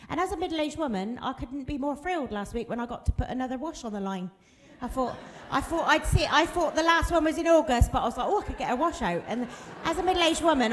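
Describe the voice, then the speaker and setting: Chatting with the crowd, this stand-up comedian, a woman in her 40s from Plymouth, England, delivers a bawdy set in a comedy club room, asking the audience questions and laughing at her own jokes. She has a high voice, with slight background noise.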